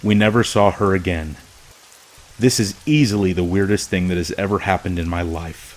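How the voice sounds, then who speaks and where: A man narrating a true scary story from a script, in a slow, hushed, measured way. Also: low voice, low-quality recording.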